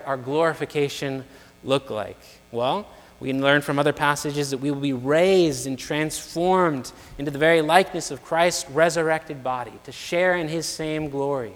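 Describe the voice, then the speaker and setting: A man preaching a sermon in an earnest, measured way, building his points through repeated phrases. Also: on the high side. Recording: long reverb of a large hall.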